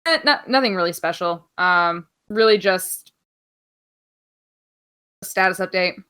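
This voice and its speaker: A woman with a bright, forceful, slightly low voice runs through the news as a podcast co-host. She rambles offhand, drops swear words without a second thought and fills her pauses with plenty of ums. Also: clean tone. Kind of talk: casual wrestling news chat.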